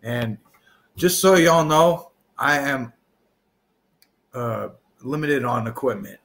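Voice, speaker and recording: Male vlogger, unhurried, wandering off-the-cuff monologue. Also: medium pitch, expressive, fairly bright tone. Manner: drawn-out, meandering, trails off and restarts. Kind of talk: rambling casual monologue.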